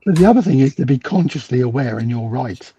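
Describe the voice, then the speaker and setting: Speaking fast with lively intonation, a middle-aged British man, a guest psychologist, recounts a story on a remote call and performs every line of quoted dialogue, his voice swooping from low to high. It's raspy with a dark, mellow tone. The audio is dry, muffled and lo-fi like a video call, with no room sound.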